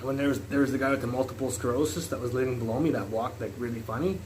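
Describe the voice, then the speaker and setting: Loud rambling man swearing as he cooks. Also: medium pitch, steady tone, racing. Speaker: live streamer. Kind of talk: casual live-stream chat while cooking. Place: home kitchen. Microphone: phone. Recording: noisy phone stream.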